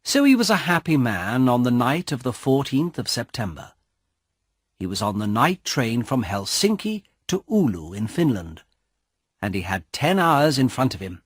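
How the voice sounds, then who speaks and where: A man reading a graded-reader story aloud as narrator, slowly and carefully. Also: mid-range voice, big pitch swings, slightly rough, no room sound, clean studio sound.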